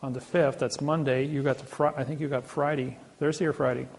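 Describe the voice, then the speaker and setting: A man's voice: mid-range voice, level tone, brisk, slight background noise. A man telling stories to an audience in a boastful, emphatic way, often repeating and restarting his words. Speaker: speaker answering an audience. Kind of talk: boastful storytelling talk.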